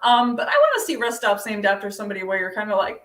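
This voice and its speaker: A young woman doing a deadpan stand-up set over a video call, with many ums. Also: medium pitch, fast, few pauses. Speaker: stand-up comedian. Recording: echoey room, distant from mic.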